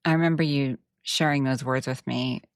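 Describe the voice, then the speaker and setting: A woman's voice: a bass voice, steady tone, moderate pace, no echo, studio quality. A woman with a Texan twang, talking reflectively as a guest on a podcast. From Texas. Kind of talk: casual podcast conversation.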